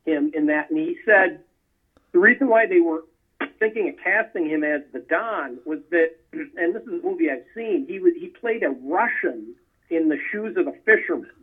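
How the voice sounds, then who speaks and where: A man's voice: fairly high pitch, animated, normal speed, husky. A man chatting casually about old films, rambling with many fillers and restarts. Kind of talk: casual film chat. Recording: tinny phone-line sound.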